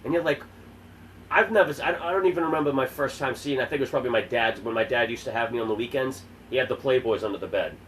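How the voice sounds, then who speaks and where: A man co-hosting a podcast, talking fast in a crude, joking, rapid-fire way. His voice sits in a middle register and comes across a bit distant from the mic. Faint background noise runs underneath. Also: medium pitch, a bit bright. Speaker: podcast co-host. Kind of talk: casual chat.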